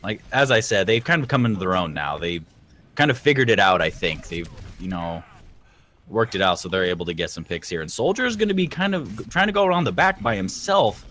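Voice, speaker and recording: A man giving relaxed, chatty color commentary during a live esports match. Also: lowish voice, brisk.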